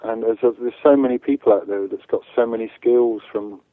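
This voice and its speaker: A man's voice: mid-range voice, moderate pace, dry recording. A man, an activist guest, answering interview questions earnestly, often stumbling and repeating words. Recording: tinny phone line.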